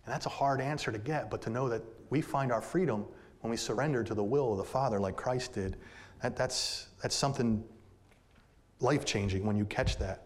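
Male pastor mid-sermon, direct with his flock, quiet reflection building to ringing emphasis. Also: mid-range voice, normal speed. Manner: rises to loud emphatic peaks, drops to soft intimate tones; addresses listeners directly as "folks".

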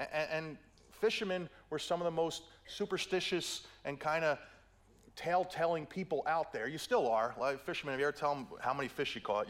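A middle-aged man preaching a sermon, telling stories playfully, acting out quotes and often checking in with "right?". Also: fairly high pitch. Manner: playful storytelling, acts out quotes, keeps asking "right?".

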